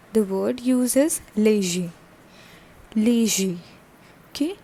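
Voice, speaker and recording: Woman teacher, slow and patient, slightly high voice, spells words aloud; faint background hiss. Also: warm tone. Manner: repeats words and spells them out letter by letter, keeps checking with "okay?". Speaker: French teacher. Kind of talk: slow explanatory language lesson.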